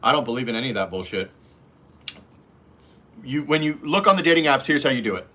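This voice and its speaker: A man's voice: medium pitch, animated, quick pace, pushed and bright. Blunt, foul-mouthed man on a livestream. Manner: blunt, profane, mimics voices in anecdotes. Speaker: livestream host reading chat. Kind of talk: casual livestream chat.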